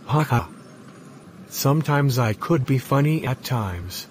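A man's voice: mid-range voice, expressive, slow pace, slight background noise. A man playing a cheerful young man who likes to joke, in an amateur web series. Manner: cheerful, joking. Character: jokey young man, likes his own humor.

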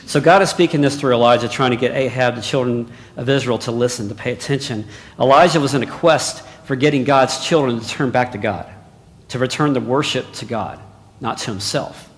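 A male preacher delivering a sermon, dropping to hushed asides and then rising to loud exclamations. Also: mid-range voice, brisk. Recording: long hall reverb.

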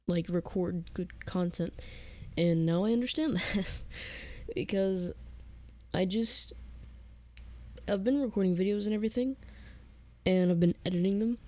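A woman's voice: fairly low pitch, warm tone, no echo. A woman YouTuber chatting casually to her viewers, hesitant and rambling with lots of fillers. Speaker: gaming YouTuber. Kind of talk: casual chat to camera.

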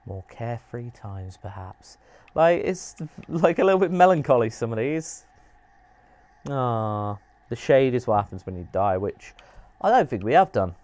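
A man hosting a live game stream, chatting and reacting with animated, laugh-prone commentary. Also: mid-range voice, moderate pace, no echo. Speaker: streamer host.

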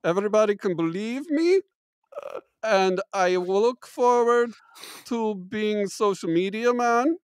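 A man's voice: high-pitched, dry recording. A man putting on a fake German professor. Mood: mock pompous. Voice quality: clumsy mock German accent that slips. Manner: deadpan, halting, pompous broken English. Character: goofy self-proclaimed German expert professor, male. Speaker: show host in disguise.

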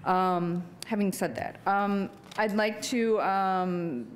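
A woman serving as alderman, explaining her position to the council in a clear, measured way. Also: mid-range voice, a little hiss or hum. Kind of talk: council meeting remarks. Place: council chamber.

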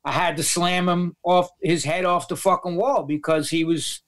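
A man with a New York accent telling profane, animated stories as a podcast guest, acting out the voices of people he quotes. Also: high voice, normal speed. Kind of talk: storytelling in a podcast interview.

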